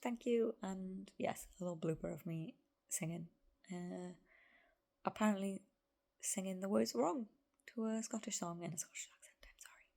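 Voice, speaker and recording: A woman, talking through a casual vlog in a rambling, chatty way with plenty of fillers and side notes. Her voice sits on the low side with a gravelly fry, and she often sinks into a soft whisper. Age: 30s. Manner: chatty and rambling, full of "like" and asides. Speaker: vlogger. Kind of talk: casual vlog chat to camera.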